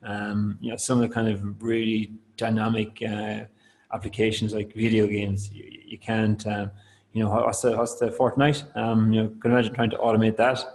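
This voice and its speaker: A man presenting a software tool in a webinar, talking loosely with many fillers and restarts. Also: fairly low pitch, completely flat delivery, moderate pace, low-quality recording. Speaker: product presenter. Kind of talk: webinar talk.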